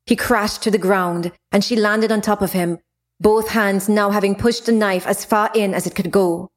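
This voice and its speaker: A woman reading a fantasy novel chapter aloud in a steady, expressive way. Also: mid-range voice. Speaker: narrator. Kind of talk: audiobook narration of a fantasy novel.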